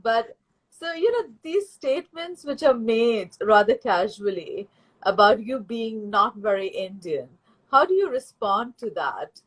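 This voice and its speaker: Husky-voiced woman host. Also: fairly high pitch, sing-song, low-quality recording. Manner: measured, with many "you know" fillers. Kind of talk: casual interview conversation.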